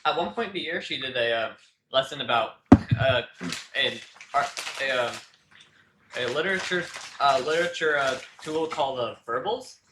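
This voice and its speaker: A man's voice: medium pitch, lively intonation, moderate pace, pauses often. A teenage boy co-hosting a casual podcast, rambling with many fillers and restarts and laughing often. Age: teens. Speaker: podcast co-host. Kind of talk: casual chat. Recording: echoey room with faint noise.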